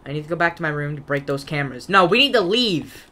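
A gaming creator playing a horror game, reading the on-screen text aloud and joking back at it, sometimes yelling playfully in tense moments. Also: mid-range voice, lively intonation, fast talker, slight background noise.

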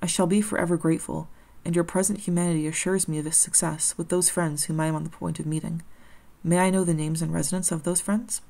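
A woman voicing a gentle, lonely male creature who pleads in earnest, formal, old-fashioned speech. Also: on the low side, fairly even intonation, quick pace, gravelly. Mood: grateful.

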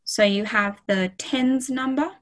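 A young woman tutors a beginners' French class online in a slightly high, unhurried voice. She's chatty and encouraging, using frequent fillers, and the recording quality is low.

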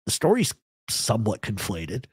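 Blunt, husky-voiced male radio host. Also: on the low side, wildly swooping pitch, normal speed, no echo, clean studio sound. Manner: blunt, profane, rambling opinions. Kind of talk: live radio chat answering a chat.

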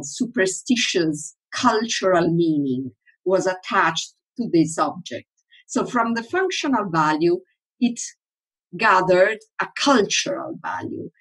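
Slow, husky-voiced woman lecturing. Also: medium pitch, rough recording. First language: Italian. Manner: asks the audience questions, then answers them. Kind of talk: online workshop lecture.

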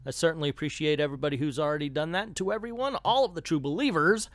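A man's voice: on the high side, rapid-fire, fairly bright tone. A man hosting a comic book channel, chatting casually and jokingly and addressing viewers as gang. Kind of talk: casual comic recap narration.

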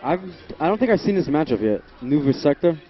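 A man's voice: a little high, big pitch swings, quick pace, muffled recording. A man commentating a fighting game match with teasing, playful banter. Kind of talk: casual esports commentary.

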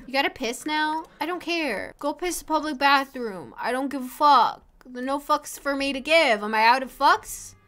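A woman with a high, bright, lively voice calls out a let's play as she goes. Her commentary is loose and profane, and she talks straight back to the characters on screen. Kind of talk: gameplay commentary.

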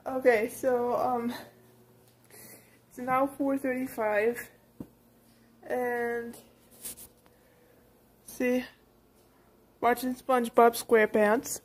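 A nineteen-year-old woman talks slowly in a breathy, husky voice that sits quite high. She rambles with giddy, breathless excitement in a casual home vlog, recorded on a handheld phone. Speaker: vlogger. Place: at home at night by a TV.

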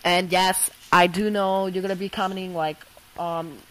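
A woman filming an excited, rambling weather vlog outdoors in a storm, stumbling over words with lots of fillers. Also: medium pitch, fairly quick, low-quality recording. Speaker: amateur weather vlogger.

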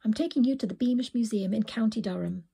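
A woman reading the part of a fussy, excitable grown man in a storybook, with brisk, exclamatory lines. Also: a little high, gravelly, slightly rough, full character voice. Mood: matter-of-fact.

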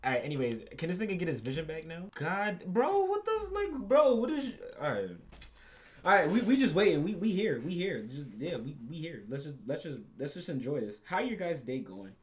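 A man hosting his gaming channel, giving casual gameplay commentary full of loud, profane, excitable reactions. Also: on the high side, moderate pace.

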